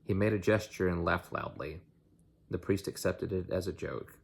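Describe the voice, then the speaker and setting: Male reader, unpolished novel reading, very low husky voice. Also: normal speed. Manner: unpolished, with slips and restarts. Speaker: audiobook reader.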